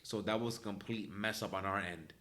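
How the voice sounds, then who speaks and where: A man's voice: fairly low pitch, brisk, fairly bright tone. A young man co-hosting a sports podcast, blunt and joking, swearing casually as he breaks down a game. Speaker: podcast co-host.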